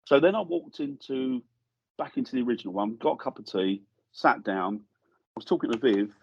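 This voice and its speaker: A man, a guest paranormal investigator, telling a lively story in casual chat and acting out the voices he quotes. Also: medium pitch, moderate pace, vocal fry, husky, no echo, dull audio. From England. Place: studio.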